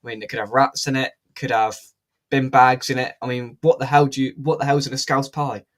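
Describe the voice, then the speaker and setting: A man's voice: mid-range voice, steady tone, fairly quick, fairly bright tone. Jokey man hosting a fan show. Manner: jokey, laughs often. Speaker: podcast host. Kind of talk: casual fan chat.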